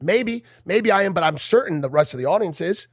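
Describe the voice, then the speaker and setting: A man's voice: high voice, fairly quick, husky, dry recording, clean studio sound. A young man co-hosting a podcast, talking in casual banter and telling stories with plenty of emphasis. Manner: animated, emphatic storytelling. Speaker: podcast co-host.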